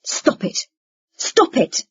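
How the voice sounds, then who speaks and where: A woman's voice: a little high, big pitch swings, measured pace, dark tone, slightly rough, dry recording, full character voice. A woman reading the part of an agitated eighteen-year-old son, speaking urgently and insistently. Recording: dull lo-fi recording.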